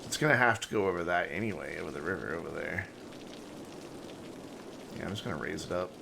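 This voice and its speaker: Over a very noisy background, a deep-voiced man talks fast with vocal fry while streaming a city-building game. It's casual live commentary: he thinks aloud, and his rambling sentences tend to trail off.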